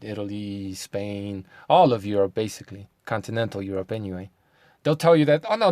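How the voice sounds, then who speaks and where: A man's voice: lowish voice, no echo. A man hosting his own video in a casual monologue, sarcastic, firing off rhetorical questions and muttering swearing asides. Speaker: video host.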